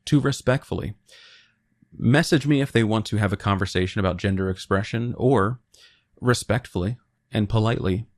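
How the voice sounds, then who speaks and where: A young man with a fairly low voice talks through his theories on a show in a loose, opinionated way. He mixes serious points with crude joking asides. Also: normal speed. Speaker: video essay host. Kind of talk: casual commentary.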